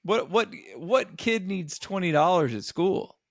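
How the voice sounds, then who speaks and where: A man's voice: high voice, lively intonation, measured pace, creaky, dry recording, studio quality. A man co-hosting a comedy podcast in casual chat, teasing his co-host with jokey asides and frequent laughs.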